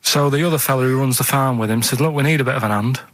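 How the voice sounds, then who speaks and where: Rambling, halting storyteller man. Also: mid-range voice, a bit bright, no echo. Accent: Manchester. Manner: meandering, halting, keeps adding "right?". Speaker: radio show regular. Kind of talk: rambling anecdote on radio. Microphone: studio microphone.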